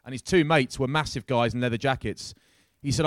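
A man telling a lively anecdote as a guest at a live show, swearing freely and acting out the people in his story. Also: medium pitch, fairly quick, no echo. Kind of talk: animated storytelling. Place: crowded live-show venue.

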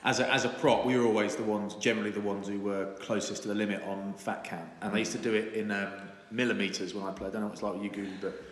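A man's voice: lowish voice, steady tone. A man in his own voice, a co-host and former rugby player, telling stories in jokey casual chat. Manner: chatty storyteller, quick and jokey. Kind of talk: casual banter and anecdotes. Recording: echoey room with long reverb.

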